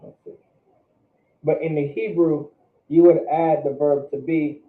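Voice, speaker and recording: A man teaching a vocabulary class, his voice a little high for a man. He talks loosely and conversationally, repeats words for his students and asks them questions. The sound is roomy and thin, like a phone line. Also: level tone, a little slow. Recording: echoey room over phone-like line.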